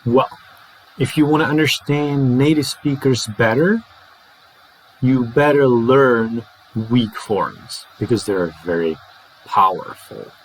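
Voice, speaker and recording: A man with a Czech first language teaching English in a playful way, acting out phrases slowly and fast. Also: medium pitch, slight background noise, low-quality recording. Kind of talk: English lesson to camera.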